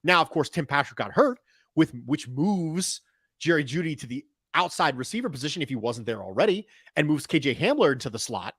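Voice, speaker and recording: A man on a casual sports podcast builds his case with stats, repeating key lines for weight. His voice sits a little high. The sound is dry and close, with no room around it. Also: very animated, a little fast, a bit bright, slightly rough, dry recording. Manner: emphatic, repeats points for stress. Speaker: podcast football analyst.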